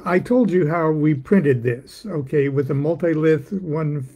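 Slow, husky older man hosting. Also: a little high, mellow. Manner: slow, easygoing, dry humor. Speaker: host. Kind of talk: casual chat.

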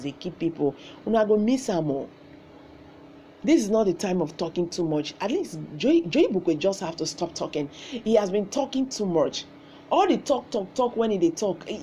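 A woman's voice: medium pitch, a little mellow, a little hiss or hum. A woman with a Nigerian accent, hosting a channel and delivering emphatic political commentary to camera, repeating phrases and slipping into Pidgin. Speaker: channel host.

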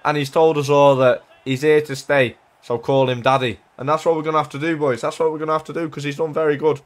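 A young man casually commentating his own football video game career mode, chatty and excitable, with sudden shouts at big chances. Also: fairly high pitch, fast. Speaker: gaming YouTuber.

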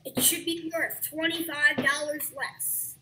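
A woman acting as the host's assistant, matter-of-fact and blunt, giving quick instructions in casual chat. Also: sits high, level tone, background noise. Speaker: assistant and co-host.

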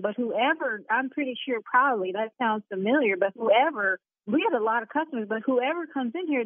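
A woman's voice: a little high, slightly rough, no echo. Indignant woman on a tinny phone line. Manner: indignant, fast, cursing. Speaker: salon owner on the phone.

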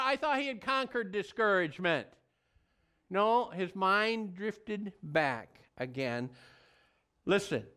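A middle-aged male pastor preaching a sermon in an earnest, folksy storytelling way with animated asides. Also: high-pitched, smooth.

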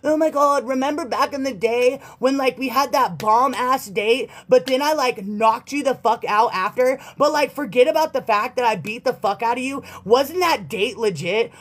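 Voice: high-pitched, moderate pace, few pauses, a bit bright. A tarot reader putting on the voice of a clingy ex-partner who whines and pleads for attention. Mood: whiny pleading. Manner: whiny, pleading.

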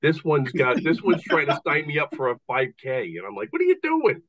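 A man from the Philadelphia area, a guest comedian chatting casually and joking with quick comic bits. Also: mid-range voice, expressive, lo-fi sound, a crowd in the background. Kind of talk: casual chat.

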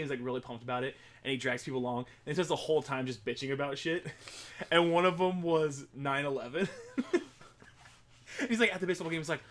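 Fast-rambling, profane gaming co-host, man. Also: medium pitch, a bit bright, slight background noise. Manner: rambling, profane, laughing asides. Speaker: let's play co-host. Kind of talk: casual gaming commentary.

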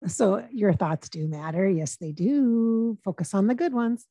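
Lady psychic chatting thru a reading, mid pitch, stops n restarts a lot, dry close sound. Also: dark tone, no room sound. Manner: relays quotes in her own plain voice with frequent pauses and restarts. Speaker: psychic medium. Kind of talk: casual channeling session monologue.

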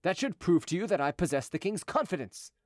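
Guy doing a hot-tempered sarcastic envoy, pitched up, bounces around a lot, storybook reading. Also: big pitch swings, fairly quick, no room sound, clean studio sound. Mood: insistent. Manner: exasperated, sardonic. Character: cunning middle-aged male royal envoy, quick-tempered.

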